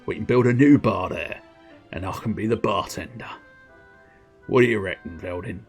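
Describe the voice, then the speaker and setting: A man voicing a soft-spoken male bartender father, low and gentle. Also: moderate pace, gravelly, faint music behind.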